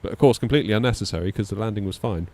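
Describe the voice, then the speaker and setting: This flight sim streamer talks very fast in a fairly low, slightly mellow voice. He rambles casually on his live stream, hesitant and full of fillers and small self-deprecating laughs.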